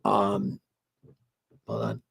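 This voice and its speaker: Deep, gravelly man, rambling and swearing. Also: sing-song, drawn-out words, a bit bright, no room sound. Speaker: host of a fan tribute channel. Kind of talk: casual late-night live stream chat.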